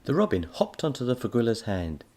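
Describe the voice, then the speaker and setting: A man narrating a children's audiobook in a lively storytelling manner. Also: mid-range voice, fairly quick.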